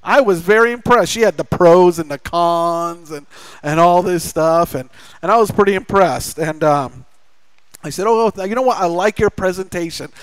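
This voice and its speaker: This pastor is a middle-aged man whose smooth voice sits high and moves at a normal speed. Preaching in a church sanctuary, he tells a family story with acted dialogue and jokes chattily with the congregation. There's no echo, though the recording is rough.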